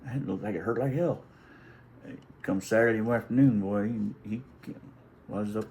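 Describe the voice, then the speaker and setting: A man's voice: lowish voice, moderate pace, darkish tone, a little hiss or hum, low-quality recording. A middle-aged man telling a family story in a casual, rambling, folksy way, restarting often and swearing now and then. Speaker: vlogger.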